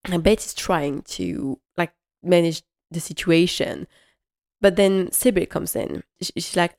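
A woman's voice: fairly low pitch, a little slow, darkish tone. A woman host chatting casually and enthusiastically through a TV episode recap, rambling with many fillers. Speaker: podcast host.

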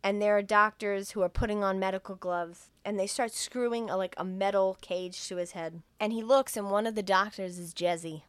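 A young woman casually recapping a film for her co-host, laughing often and jumping into loud, raised voices when she quotes the characters. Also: mid-range voice, clean tone, no echo. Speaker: podcast co-host retelling a film. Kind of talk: casual chat, recapping a movie scene by scene.

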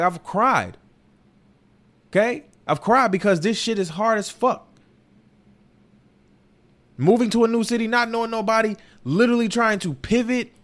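Brief: young male podcast host, higher-pitched voice, raw and candid personal talk, heavy swearing, repeats himself and restarts. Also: fairly bright tone. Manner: candid and emotional, swears often, circles back with restarts. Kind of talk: personal opinion monologue. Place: New York.

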